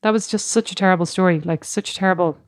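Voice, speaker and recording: A woman co-hosting a podcast, telling animated, self-mocking stories in casual chat. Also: fairly low pitch, fast, no room sound, clean studio sound. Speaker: podcast co-host.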